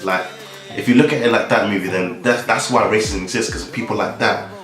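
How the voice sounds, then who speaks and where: A man's voice: fairly low pitch, fairly quick, a bit bright, reverberant, soft background music. A young man from Nigeria giving a rambling, casual vlog monologue full of restarts and fillers.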